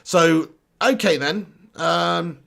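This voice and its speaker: A young English man hosts a live football chat and answers viewer comments. He talks bluntly and casually and swears freely. His voice sits high with a gravelly rasp. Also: extremely slow, a bit bright. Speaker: football channel host.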